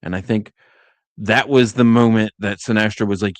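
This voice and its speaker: A man's voice: on the low side, normal speed, dry recording. A man co-hosting a podcast, chatting casually in a review, acting out characters' lines as he recaps. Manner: animated, acts out quotes in voices. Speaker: podcast co-host.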